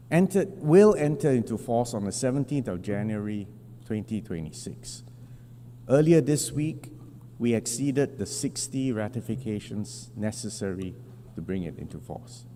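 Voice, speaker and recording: A man delivering a formal prepared speech as a government delegate at an assembly podium, measured and deliberate with emphatic pauses. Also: medium pitch, dark tone. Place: large assembly hall. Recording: long reverb of a large hall, faint hum.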